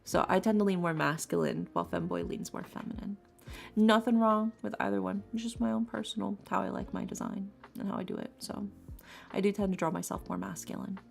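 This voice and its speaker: A woman's voice: mid-range voice, animated, brisk, creaky. A woman streamer doing tarot readings in a rambling, chatty way, laughing often and repeating herself. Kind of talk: casual live-stream chat. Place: home streaming setup. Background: faint lofi music.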